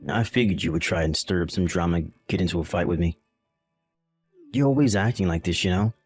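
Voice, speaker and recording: A man's voice: deep voice, fairly quick, husky, no echo, soft background music. A man voicing a callous, dismissive young husband. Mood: irritated. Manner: irritated, brushing off, condescending. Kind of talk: voiced text-message drama.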